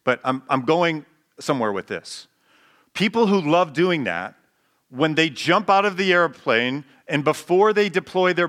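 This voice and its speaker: A pastor preaching a sermon to a live congregation. He jokes with the people in the pews and slows down to read scripture with emphasis. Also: fairly high pitch, fairly bright tone, clear, resonant tone. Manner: playful, joking asides with the congregation; reads scripture slowly with emphasis. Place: church sanctuary with live congregation.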